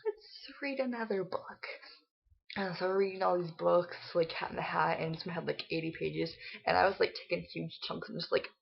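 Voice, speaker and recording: A woman's voice: fairly low pitch, flat delivery, fairly quick, gravelly, hardly any pauses. A young woman vlogger telling a story in a casual chat, full of "like" and acting out what was said. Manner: chatty retelling, full of "like", acting out quotes. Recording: dull lo-fi home recording.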